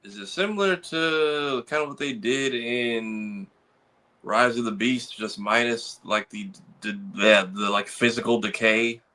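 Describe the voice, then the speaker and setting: Man, podcast co-host, bright forceful tone, casual chat, hesitant questions. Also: mid-range voice, steady tone, a little slow, low-quality recording. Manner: asks short follow-up questions, hesitant.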